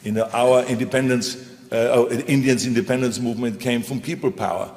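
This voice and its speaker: A man's voice: mid-range voice, fairly even intonation, fairly quick, darkish tone. A man speaking on a panel in an emphatic, repetitive, motivational way. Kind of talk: stage panel talk. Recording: reverberant hall.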